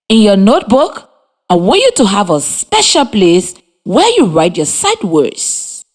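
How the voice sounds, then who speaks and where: Woman radio teacher for a children's lesson, slow and sing-song, spells out words patiently. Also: on the low side. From Liberia. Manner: slow, clear and encouraging, spells words letter by letter. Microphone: radio studio mic.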